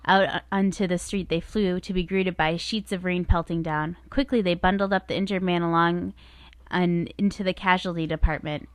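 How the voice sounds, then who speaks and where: Female co-host, low-pitched, reading jokes in a dry, close recording. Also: fairly even intonation, no echo. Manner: reads jokes from a list, quick and chatty. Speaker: podcast co-host. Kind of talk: casual chat and reading jokes aloud.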